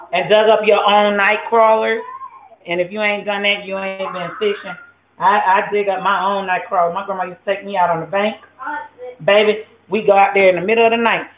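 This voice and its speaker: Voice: medium pitch, slight background noise. A home cook, chatting loosely and with lots of swearing to viewers while cooking in a kitchen. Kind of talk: casual cooking vlog. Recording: tinny, phone-like and echoey.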